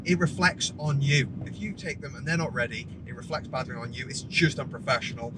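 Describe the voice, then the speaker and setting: A man, a driving instructor, telling a story in a rambling, animated way with many restarts. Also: mid-range voice, brisk, heavy background noise. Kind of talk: casual storytelling vlog. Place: outdoors by a parked car.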